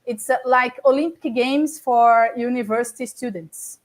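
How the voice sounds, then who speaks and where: A Brazilian woman in her forties with a Brazilian Portuguese accent, a native Portuguese speaker giving an interview in English and often pausing to search for words. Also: fairly high pitch, steady tone. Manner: hesitant, searching for words, with fillers and self-corrections. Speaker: interview guest, former tennis player and broadcaster. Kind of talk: casual interview chat.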